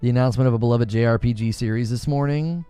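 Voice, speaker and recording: A man's voice: medium pitch, fast talker, dark tone, clear, resonant tone, dry recording, soft background music. A man casually chatting with his live-stream audience, joking about slang and laughing often. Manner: joking, laughs often, mock-tough voices for quoted slang. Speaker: gaming streamer reading chat.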